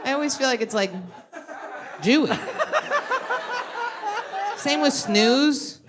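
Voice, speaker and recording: A woman co-hosting a live comedy podcast on a club stage, laughing and teasing as she chats. Her voice is high and bouncy. An audience can be heard clearly behind her. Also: lively intonation, moderate pace, pauses often, crowd noise, background noise. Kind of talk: casual live podcast banter.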